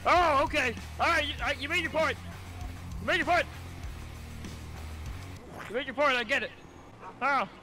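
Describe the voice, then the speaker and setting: A man voicing an excitable figure who shouts and exclaims at a dog in game role-play. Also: very high voice, moderate pace, long pauses, faint music behind, exaggerated voice, low-quality recording. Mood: excited.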